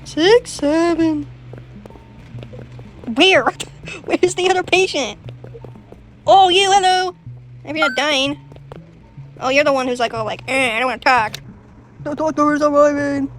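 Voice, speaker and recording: A young woman with a very high voice talks slowly through her gameplay, panicking and stammering with nervous filler sounds. Game music plays clearly behind her. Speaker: gamer playing a video game. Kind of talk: gameplay commentary.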